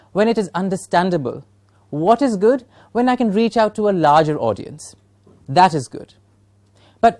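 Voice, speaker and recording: A woman's voice: medium pitch, a little mellow. A woman with a Punjabi accent giving a recorded training lecture to teachers from a studio, asking rhetorical questions with emphatic encouragement.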